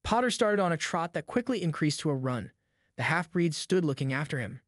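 Male audiobook narrator, measured storytelling, fairly high voice, dry booth sound. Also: animated, no room sound.

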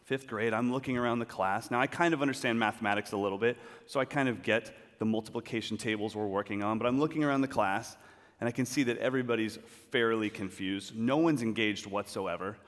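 Speaking quickly in a voice on the low side, a man tells stories from a large auditorium stage. He acts out scenes with animation while the room's long reverb trails his words.

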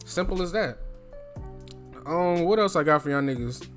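A man's voice: on the high side, lively intonation, normal speed, soft background music. A young man from New Jersey giving casual advice in a loose, slangy, chatty way, speaking from his throat.

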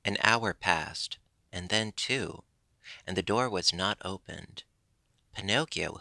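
A man reading a classic children's story aloud as narration, steady and expressive. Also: sits low, creaky, dry recording. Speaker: audiobook reader.

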